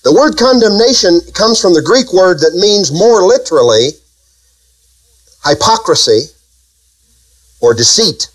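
A man's voice: sits high, animated, measured pace, long pauses, rough recording. A man preaching a sermon, emphatic and full of rhetorical questions to his congregation.

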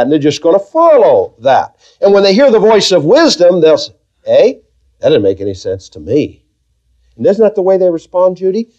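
Animated man teaching a Bible class. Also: on the high side. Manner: animated, drops to soft quiet asides, addresses listeners by name. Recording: dull lo-fi tape recording.

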